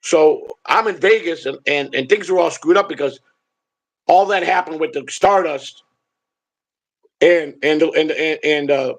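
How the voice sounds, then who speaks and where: Gravelly, husky older man. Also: a little high, poor audio. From Chicago. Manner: rambling, profane, repeats words. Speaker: show host telling stories. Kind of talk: casual storytelling chat.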